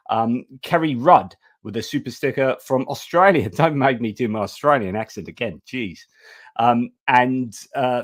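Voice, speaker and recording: A man's voice: mid-range voice, no echo, studio quality. A man hosting a live stream over a video call, chatting casually and thanking supporters with frequent restarts. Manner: chatty, many restarts and fillers.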